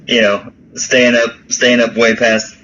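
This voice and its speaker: A man's voice: medium pitch, level tone, slow pace, sharp tone, lo-fi sound, a little hiss or hum. A man co-hosting a podcast in casual chat, laid-back, laughing often and swearing freely. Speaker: podcast co-host.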